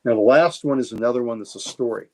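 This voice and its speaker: A man's voice: mid-range voice, fast. A man chatting casually on a livestream, showing off his comic books with rambling enthusiasm and frequent repeated words. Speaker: guest comic collector.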